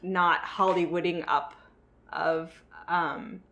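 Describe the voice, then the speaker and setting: A woman's voice: fairly low pitch, steady tone, slow, fairly bright tone, highs cut off. Chatty woman co-hosting a film podcast. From northern United States. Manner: frank, chatty, many fillers and restarts. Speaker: podcast co-host. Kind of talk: casual film discussion.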